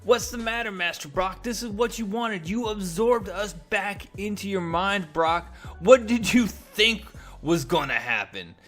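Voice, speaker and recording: A man's voice: high-pitched, expressive, unhurried, fairly bright tone, faint music behind, pitched above the performer's own voice. Man doing a sneering symbiote villain. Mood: gloating. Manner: taunting, sneering. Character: cruel mocking male alien symbiote villain. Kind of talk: comic recap voice acting.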